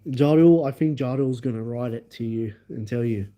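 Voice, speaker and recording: Excitable man rambling to livestream viewers. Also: medium pitch, moderate pace, muffled recording. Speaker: livestream host. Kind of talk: casual storytelling on a livestream.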